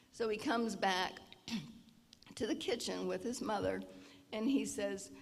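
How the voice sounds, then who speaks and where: A woman giving an informal lecture with storytelling, often clearing her throat. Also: medium pitch, takes it slowly. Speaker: health presenter at a seniors' event. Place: church hall. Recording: long reverb of a large hall.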